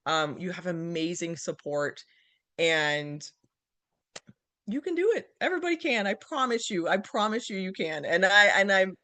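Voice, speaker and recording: A woman gushing with thanks on a video call, laughing often and rushing her words. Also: on the low side, sing-song, sharp tone, no echo. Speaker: guest sharing her success. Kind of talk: casual video call chat.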